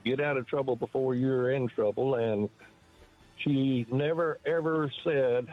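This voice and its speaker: A man's voice: medium pitch, fairly even intonation, measured pace, dull audio. Older man caller, plain-spoken. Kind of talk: call-in radio chat.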